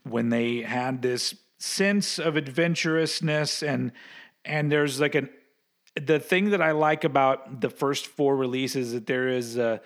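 A man's voice: medium pitch, a little slow. Chatty man who laughs a lot. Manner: rambling, laughs often, swears casually. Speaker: podcast co-host. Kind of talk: casual chat.

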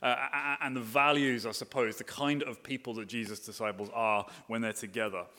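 A man's voice: mid-range voice, steady tone, fairly quick, pushed and bright. A man, a pastor preaching a sermon, with many fillers and restarts that build to emphatic repeated phrases. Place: church hall, live sermon. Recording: long reverb of a church hall.

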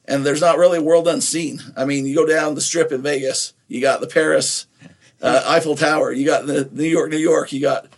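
A man's voice: a little high, fairly even intonation, normal speed, gravelly. A middle-aged man from Nephi, Utah, co-hosting a podcast in a casual, rambling way with many restarts. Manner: rambling, with frequent restarts and fillers. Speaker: podcast co-host. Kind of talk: casual chat.

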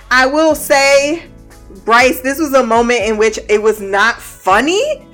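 A woman's voice: fairly high pitch, fairly bright tone. A woman giving a casual, blunt and profane recap of a TV show, often breaking into laughter. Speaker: TV show reviewer.

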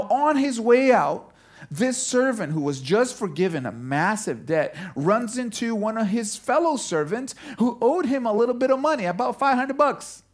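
Man, pastor, sermon, animated storytelling, drawn-out emphasis. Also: extremely high pitch.

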